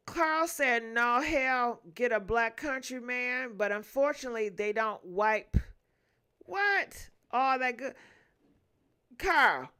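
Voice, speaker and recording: A woman's voice: high-pitched, sharp tone, smooth. A young woman, hosting a casual gossip livestream, reading viewer comments aloud, laughing often and humming to herself between them.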